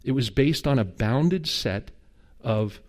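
A man's voice: mid-range voice, expressive, takes it slowly. A middle-aged man preaching a sermon as a pastor, telling stories with humor and acted dialogue. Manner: conversational storytelling with humor and quoted dialogue.

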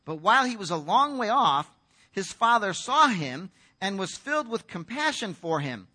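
A man's voice: high voice, very animated, moderate pace, sharp tone. An American man preaching a sermon in a conversational storytelling way, acting out the voices in the story. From United States. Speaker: pastor.

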